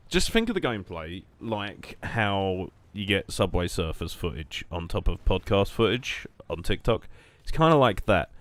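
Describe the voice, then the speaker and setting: A young man streaming a game, rambling and joking casually while answering chat in a flat, monotone way. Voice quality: low monotone voice. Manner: rambling, jokey, reacting to chat.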